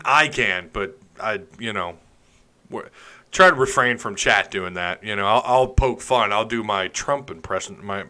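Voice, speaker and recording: A man's voice: medium pitch, sharp tone. A man hosting a live stream, chatting casually, reading comments and joking sarcastically.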